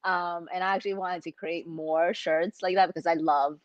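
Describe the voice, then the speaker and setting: A woman's voice: fairly low pitch, steady tone, moderate pace, no room sound, lo-fi sound. A woman co-hosting a casual livestream chat, giggly and enthusiastic. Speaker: podcast co-host.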